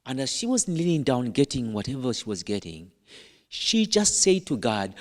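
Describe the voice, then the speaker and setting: A man with an African accent delivers a homily as a priest, his voice swinging widely in pitch as he tells a story with playful humor and dramatic pauses. His mid-pitched voice rings out with a long reverb, as in a church. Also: big pitch swings, a little mellow. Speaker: Catholic priest. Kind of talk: storytelling sermon.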